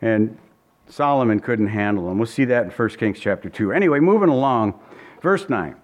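A man's voice: on the low side, expressive, normal speed. A man preaching as a pastor, teaching verse by verse in a folksy, conversational way and often repeating his phrases.

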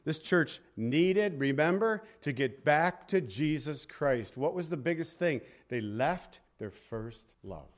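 A man's voice: a little high, lively intonation, slow, few pauses. Man preaching a conversational sermon. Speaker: pastor.

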